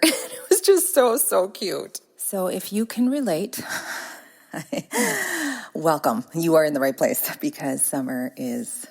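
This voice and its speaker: A woman's voice: mid-range voice, very animated, unhurried. A woman, hosting a casual podcast from a corner of her home, upbeat and chatty with frequent laughs. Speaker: podcast host and business coach.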